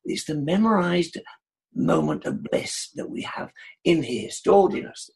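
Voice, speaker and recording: British male guest, emphatic and earnest; very raspy, with a wide, lively pitch. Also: unhurried. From United Kingdom. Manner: earnest and emphatic, repeats himself. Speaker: guest, dementia advocate. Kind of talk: casual interview chat.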